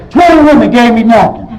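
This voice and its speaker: High-voiced man giving emotional testimony. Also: very noisy. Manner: animated, emotional storytelling with sudden loud outbursts and soft low passages. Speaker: speaker sharing his story at a recovery meeting. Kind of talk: personal testimony.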